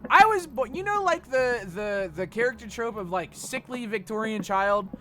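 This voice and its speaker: Bright-voiced, animated young streamer guy. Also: very high voice, normal speed, faint music behind. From United States. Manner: animated and profane, with sudden jumps from loud to mumbled. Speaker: Twitch streamer. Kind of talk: casual live-stream chat while gaming.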